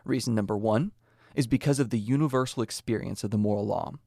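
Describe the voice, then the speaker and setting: A young man from the United States talks through an argument in a steady, earnest way, dropping in casual asides. His voice sits low. The recording is dry and close, with no room sound. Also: fast talker, dry recording. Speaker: podcast host. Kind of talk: scripted explanatory talk.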